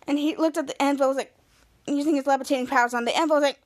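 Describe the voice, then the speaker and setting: A woman's voice: high voice, fairly even intonation, quick pace. A woman hosting a podcast, rambling through a recap of a TV episode and quoting the characters' lines with small voice changes. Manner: rambling retelling, quoting characters with small voice shifts and bits of sung melody. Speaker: podcast host.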